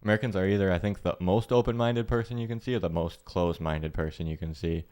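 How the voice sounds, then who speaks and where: A man's voice: low voice, quick pace, darkish tone, smooth. A man co-hosting a reaction video, easygoing and laughing often as he talks. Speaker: reaction channel co-host. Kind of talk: casual reaction chat.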